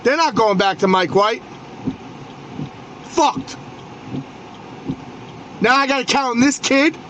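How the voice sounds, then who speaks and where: Male New podcast host, high voice, hot-headed profane sports rant, stammering restarts, noisy background. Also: a bit bright.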